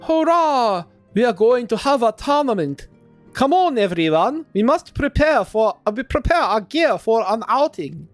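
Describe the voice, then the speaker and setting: An excitable young kid adventurer with a squeaky, put-on foreign accent, voiced by a man reading a game aloud. The voice sits far above his normal pitch and swoops with lively eagerness. Faint music plays behind. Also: a little slow, no room sound, full character voice. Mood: eager.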